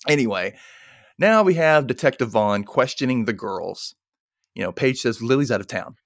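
A man's voice: mid-range voice, normal speed, dry recording, clean studio sound. A man casually recapping a film plot and acting out the characters' lines in a chatty way. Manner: animated, acts out the characters' lines. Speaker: podcast co-host.

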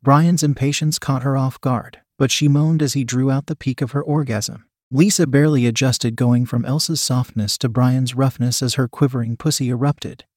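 A man's voice: mid-range voice, darkish tone, no room sound. Dry, close-miked male narrator. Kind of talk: audiobook reading of an adult story.

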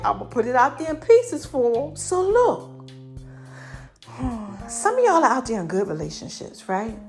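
A woman's voice: fairly high pitch, normal speed. Chatty woman podcaster, music faint behind. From United States. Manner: chatty and animated, addresses listeners as y'all. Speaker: podcast host. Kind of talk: casual solo podcast talk.

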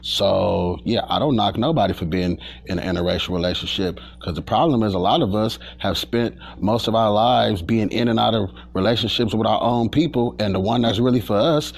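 A man's voice: on the low side, fairly quick, creaky, few pauses. A man in a voicemail to a podcast, making his point emphatically. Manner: emphatic, preachy. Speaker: caller.

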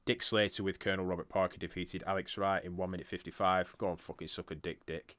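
A man's voice: low-pitched, steady tone, fast talker, a bit bright, no room sound. A man hosting a podcast in casual chat, swearing freely and laughing often. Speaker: podcast host. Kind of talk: casual chat, reviewing wrestling results.

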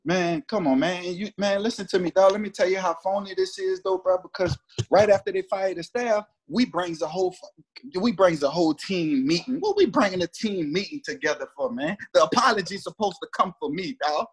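Speaking a little fast in a high, animated voice, this man in his thirties once played pro football. His heated story comes in slangy, emphatic casual chat as he acts out others' words, and the recording has a little hiss or hum.

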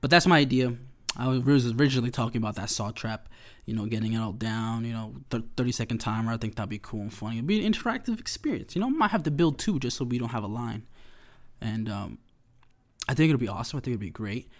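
A man's voice: mid-range voice, fast. Sugar-buzzed young man rambling casually. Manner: animated, slangy, laughs often. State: hyped up on sugar. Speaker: vlogger.

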